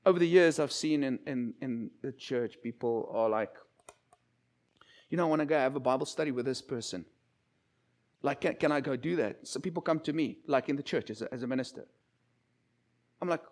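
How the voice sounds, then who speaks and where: A man's voice: mid-range voice, lively intonation, normal speed, long pauses, a little mellow. A man preaching as a church minister, talking conversationally and acting out quotes. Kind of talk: sermon.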